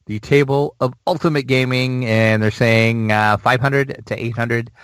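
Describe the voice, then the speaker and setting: A man's voice: medium pitch, steady tone, a little slow, fairly bright tone, clean tone, no echo, poor audio. A man co-hosting a gaming news podcast, chatting casually and rambling with plenty of fillers. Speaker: podcast co-host.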